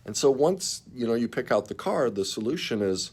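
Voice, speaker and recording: A man's voice: medium pitch, sing-song, moderate pace, few pauses, a little mellow, slightly rough. A man coaching viewers on relationships in an earnest, emphatic way, speaking straight to them. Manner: earnest, emphatic, acts out clients in quotes. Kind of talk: direct advice to camera.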